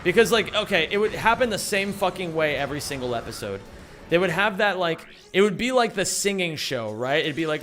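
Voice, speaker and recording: This young streamer's high-pitched, expressive voice moves briskly with a bit of brightness. He chats casually and replies to viewers, spinning profane, rambling jokes and stories in silly voices while faint music plays underneath.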